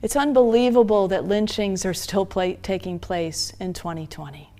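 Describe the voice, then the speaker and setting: A woman minister preaching a sermon, retelling a story earnestly and slowing down for emphasis. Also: mid-range voice, dark tone.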